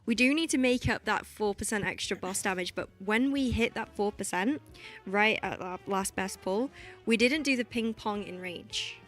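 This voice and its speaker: A woman's voice: mid-range voice, normal speed, fairly bright tone, soft background music. A young woman, co-hosting a stream, laughing often and chatting before explaining a raid fight. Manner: giggly, chatty, explains game mechanics. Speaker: stream co-host. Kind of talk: casual chat and game commentary.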